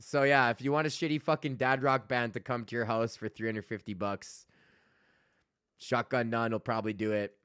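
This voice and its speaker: A man's voice: mid-range voice, flat delivery, moderate pace, a bit bright, clean tone, no room sound, clean studio sound. A young man hosting a podcast, ranting casually with constant swearing, rambling asides and frequent laughter. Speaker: podcast host. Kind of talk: profane casual rant.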